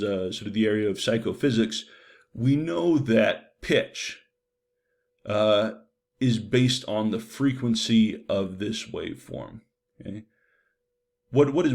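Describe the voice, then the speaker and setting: A man's voice: fairly low pitch, lively intonation, a little slow, a little mellow. A man giving a university psychology lecture in a loose, conversational way, with frequent fillers and "right?" checks.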